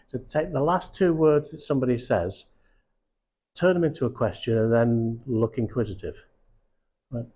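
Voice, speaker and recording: Blunt male sales coach, husky and mellow. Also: mid-range voice, moderate pace, long pauses. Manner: blunt, swears casually, checks in with "okay?" and "yeah?". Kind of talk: live coaching session.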